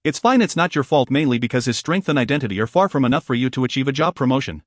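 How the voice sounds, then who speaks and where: A man's voice: medium pitch, animated, rapid-fire, no room sound, studio quality, close to an everyday voice. A man voicing a gloating priest instructor in an audio storybook.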